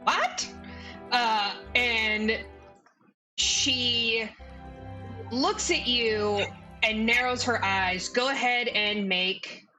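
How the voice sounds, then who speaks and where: A woman's voice: on the high side, fairly even intonation, very slow, pauses often, pushed and bright, soft background music, low-quality recording. A young adult woman narrating as game master in a casual way, full of "like" fillers.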